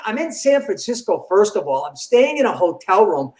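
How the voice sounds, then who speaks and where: Older guy with a high voice telling a story in an interview, acts out all the lines, echoey room. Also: moderate pace. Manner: animated, acts out quoted dialogue. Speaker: comedian guest. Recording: roomy echo.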